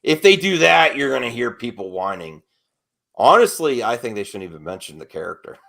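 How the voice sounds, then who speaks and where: A man's voice: mid-range voice, sing-song, a little fast, gravelly, a bit bright. A man hosting a casual panel chat, talking in an opinionated way with emphatic repeats.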